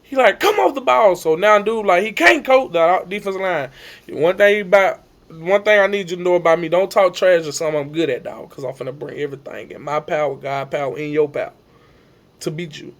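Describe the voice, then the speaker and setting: A young man telling an emotional personal story to his viewers, acting out the shouts and the voices of coaches along the way. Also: a little high, fairly quick. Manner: animated, acts out shouts and coaches' lines.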